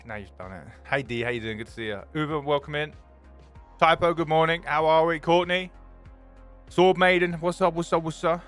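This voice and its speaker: Young guy streaming, chatty and hyped, bit high voice, crisp tone, quiet music behind. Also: a little fast. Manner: excitable storytelling, greets chat by name. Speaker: live streamer. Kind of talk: casual chat with live viewers.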